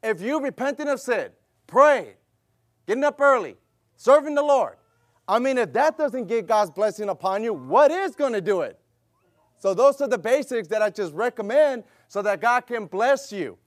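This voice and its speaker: With lively intonation and a moderate pace, a middle-aged pastor whose voice is strikingly high delivers a sermon built around a personal story. He repeats himself fervently and stacks up rhetorical questions, and the sound is close and dry, without any room around it.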